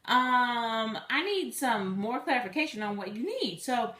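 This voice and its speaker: An animated woman tells a personal story straight to her viewers and acts out both sides of the exchange. Her voice sits a little high and comes across sharp and bright. The sound is roomy and echoey, with clear reverb around her. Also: measured pace. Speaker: vlogger.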